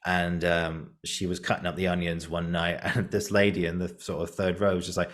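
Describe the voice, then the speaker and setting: Man, deep voice, easygoing reflective podcast host. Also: brisk, few pauses. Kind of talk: casual podcast chat.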